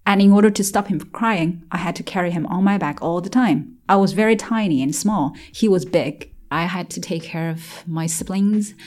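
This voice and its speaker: A woman's voice: on the low side, normal speed, few pauses, a little mellow. A woman from China recalling her childhood in an interview, telling it with many fillers and restarts and laughing at times. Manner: laughs while telling hard memories. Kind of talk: personal storytelling in an interview.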